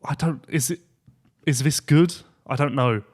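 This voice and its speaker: A man hosting a podcast, chatting casually and playfully and laughing easily. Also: a little high. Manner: animated, playful, quick to laugh. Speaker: podcast host.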